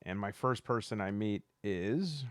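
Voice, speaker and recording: A man from the Southern US, with a Southern accent, plays a solo tabletop game and talks through it unhurriedly. His voice sits on the low side and sounds close and dry. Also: unhurried, no echo. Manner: relaxed and thinking aloud.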